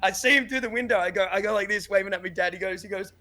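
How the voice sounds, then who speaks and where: A man's voice: high voice, rapid-fire, heavy background noise. A young man telling a story in casual chat, acting out quotes with lots of swearing and laughter. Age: young adult. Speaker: podcast guest.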